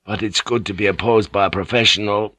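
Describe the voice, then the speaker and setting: A man's voice: on the low side, fairly even intonation, fairly quick, pushed and bright, no echo, clean studio sound. A man voicing a practical, wary male sea captain, musing plainly in an audiobook reading. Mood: wry relief.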